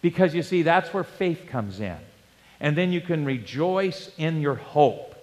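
A male pastor preaching a sermon, animated and storytelling, with rhetorical questions to the congregation. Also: fairly high pitch, a little slow. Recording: long hall reverb.

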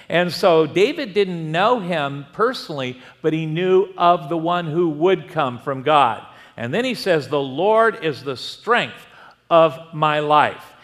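A male pastor preaching in a church sanctuary, his slightly high voice carrying a long reverb tail through the hall. He speaks conversationally and illustrates his points with homely personal stories. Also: a bit bright. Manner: conversational, telling personal stories with acted quotes. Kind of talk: sermon.

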